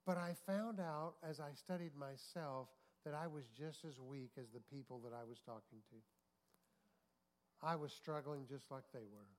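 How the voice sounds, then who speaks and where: A man's voice: medium pitch, normal speed. A male pastor preaching a sermon, telling a story and often asking the congregation for an amen. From United States. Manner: storytelling, acting out quotes, asking the congregation for amens.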